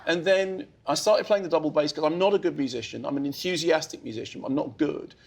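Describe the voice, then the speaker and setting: A man in his fifties, a film critic guest on a TV chat show, telling animated, self-deprecating stories. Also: on the high side, fast talker, creaky. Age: 50s. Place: TV studio.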